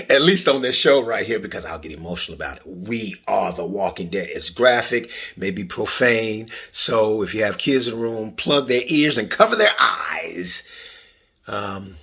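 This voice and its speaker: Husky-voiced playful male podcast host. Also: lowish voice, moderate pace. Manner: playful, jokey and expressive. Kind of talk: casual monologue.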